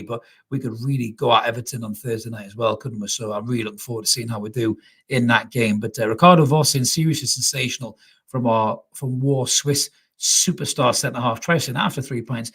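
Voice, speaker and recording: A man with a Geordie accent talks through a live reaction stream from his house, reading out viewer comments. His voice is husky and sits at an ordinary middle pitch. He swears freely and doubles his words for emphasis. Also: fairly bright tone. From North East England. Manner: swears freely and repeats himself. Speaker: fan channel host reading comments. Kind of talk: live post-match reaction chat. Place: at home, indoors.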